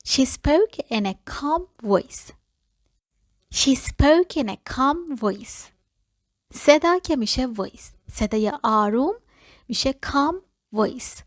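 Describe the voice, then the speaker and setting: Woman teaching English slowly. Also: fairly high pitch, dry recording, clean studio sound. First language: Persian. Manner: repeats English phrases slowly and deliberately after quick explanations. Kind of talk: language lesson.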